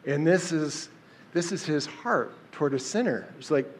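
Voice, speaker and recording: A man's voice: fairly high pitch, moderate pace. A man teaching through a Bible passage in a casual, conversational way, with fillers and restarts. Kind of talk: casual Bible study talk.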